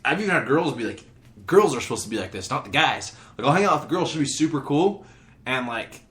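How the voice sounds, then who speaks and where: A man's voice: medium pitch, expressive, quick pace, fairly bright tone. Young man, casual rambling chat, says dude a lot, echoey room. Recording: roomy echo.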